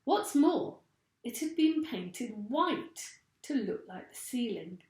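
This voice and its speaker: A woman teacher reading a children's storybook aloud with expressive, deliberate delivery. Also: a little high. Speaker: primary school teacher. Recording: roomy echo.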